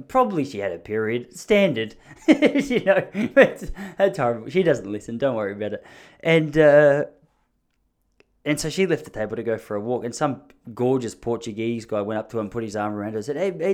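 A man's voice: lowish voice, darkish tone. A man in his thirties telling rambling, joking stories in a casual monologue, often mocking himself.

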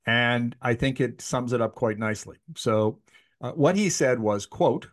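Unhurried and medium-pitched, a sixty-something interviewer talks with his guest in an anecdotal, chatty manner, frequently starting his sentences over.

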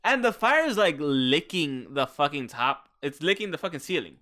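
A young man co-hosting a casual chat, telling a story in an animated, profane way. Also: on the high side, moderate pace. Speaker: podcast co-host.

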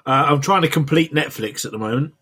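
A man's voice: a little high, quick pace, bright, forceful tone, breathy edge. Laid-back British man, full of fillers. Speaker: podcast guest host. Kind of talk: casual chat. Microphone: remote call recording.

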